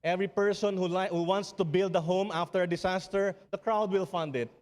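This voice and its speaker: A man's voice: sits high, fairly even intonation, brisk, darkish tone. A middle-aged Filipino man giving an earnest, rousing keynote speech at a summit, building his points with repeated refrains and occasional restarts. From Philippines. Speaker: summit speaker. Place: large conference hall. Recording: long hall reverb.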